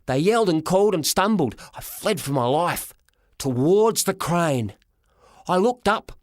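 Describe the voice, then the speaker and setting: Guy reading a kids book aloud, lively and dramatic, dry close mic. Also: high voice, unhurried, no echo. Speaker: audiobook reader. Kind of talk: storybook narration in a boy's first person.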